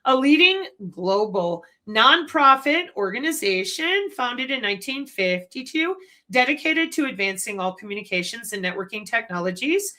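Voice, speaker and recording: A woman hosting her own channel, lecturing in an animated way and asking rhetorical questions. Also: on the high side, moderate pace. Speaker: channel host. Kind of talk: commentary.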